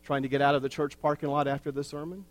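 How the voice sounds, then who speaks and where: A pastor delivering a sermon in a slow, earnest way, with wry asides. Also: male voice, fairly high pitch, flat delivery.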